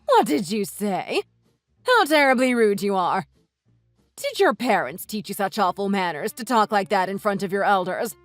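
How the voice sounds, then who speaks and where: A woman's voice: mid-range voice, big pitch swings, normal speed, no echo, faint music behind, close to an everyday voice. A woman voicing an older mother who scolds indignantly in a text-message story.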